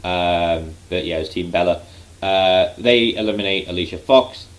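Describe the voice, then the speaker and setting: A man's voice: low-pitched, normal speed, low-quality recording. A man casually recapping a wrestling show, rambling with lots of fillers like um and like. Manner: rambling, heavy use of um and like. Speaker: wrestling reaction vlogger.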